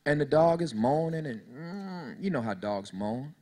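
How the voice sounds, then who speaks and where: Animated man giving a motivational talk. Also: medium pitch, moderate pace. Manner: preachy call-and-response, talks straight to the audience; storytelling, folksy. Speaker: motivational speaker to youth. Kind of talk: motivational speech.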